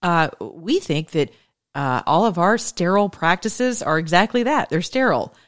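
Low-voiced American woman telling a story. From United States. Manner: animated storytelling, quick asides and self-corrections. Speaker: host talking to her audience. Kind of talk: casual monologue.

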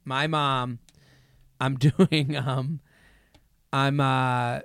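A man hosting a podcast, telling an animated story and acting out the people in it. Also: drawn-out words, creaky, smooth, no room sound, clean studio sound. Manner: animated storyteller, acts out his mom's lines in a high voice. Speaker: podcast host. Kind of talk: casual storytelling chat.

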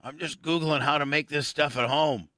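Bright-voiced man teasing a co-host. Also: on the high side, normal speed, no room sound. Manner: teasing, calming. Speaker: radio show co-host. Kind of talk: casual on-air banter.

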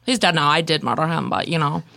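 A blunt female robot with a knack for spotting love, improvised by a woman. She talks in a low, gravelly, offhand way, full of likes and ums. Her voice is close and dry. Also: fast talker, sharp tone, dry recording, heavily acted. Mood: deadpan. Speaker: improv performer. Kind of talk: improvised comedy scene.

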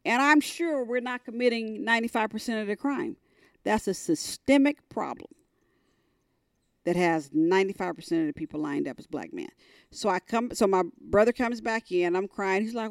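A middle-aged woman, a team executive on a podcast, telling a personal story in a candid, emphatic way, her voice climbing high as she retells moments. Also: moderate pace, no room sound, studio quality.

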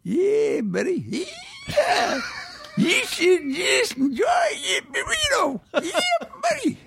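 A rowdy old American prospector who hollers and whoops,. His voice swings wildly up and down and turns gravelly at the edges. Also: very high voice, wildly swooping pitch, takes it slowly, a bit bright, raised voice, slight background noise, pitched above the performer's own voice, heavily acted. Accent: put-on American.

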